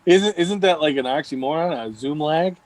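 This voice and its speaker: Man, podcast co-host, slightly raised pitch, laid-back, casual swearing. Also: normal speed, dry recording. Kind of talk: casual chat.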